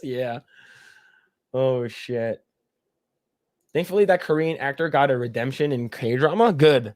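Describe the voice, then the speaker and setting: A man's voice: medium pitch, slow, long pauses, a little mellow, clear, resonant tone, no echo, clean studio sound. Rambling, cussing male podcast host. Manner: rambling, profane, laughs often. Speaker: podcast host reading chat. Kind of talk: casual chat.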